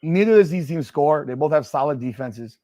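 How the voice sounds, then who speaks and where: Guy doing a live football watch stream, kinda high voice, dry close mic, gets loud and repeats himself. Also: normal speed, no echo. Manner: excitable sports fan talk with repetitions, shouting at plays. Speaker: host of a sports live stream. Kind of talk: live watch-party reaction.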